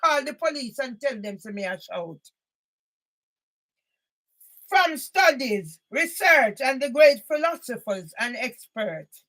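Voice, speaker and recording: Angry high-voiced woman ranting. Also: big pitch swings, a little slow. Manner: angry and confrontational, repeated emphatic loud bursts. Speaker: author and campaigner. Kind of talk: ranting monologue addressed to one person.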